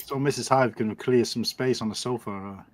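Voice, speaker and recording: A man's voice: mid-range voice, moderate pace, no echo. Chatty man telling stories, dry sound. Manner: chatty storyteller, says "mate". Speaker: guest on stream. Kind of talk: casual chat.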